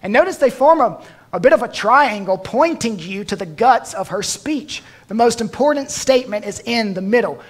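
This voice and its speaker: A pastor preaching a sermon, slowing down and dropping his voice softly for emphasis, with dry touches of humor. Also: high-pitched, big pitch swings, slightly rough.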